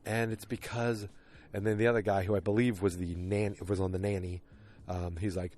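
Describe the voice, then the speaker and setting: A man's voice: lowish voice, fairly even intonation, moderate pace, darkish tone. A man hosting a podcast, casually recapping an episode in a rambling, self-deprecating way with many fillers. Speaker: podcast host.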